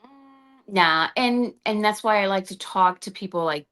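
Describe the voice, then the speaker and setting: A woman's voice: mid-range voice, normal speed. A woman interviewer talking in a casual, reflective way, often hesitating as she thinks aloud. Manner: reflective, hesitant, with many fillers and restarts.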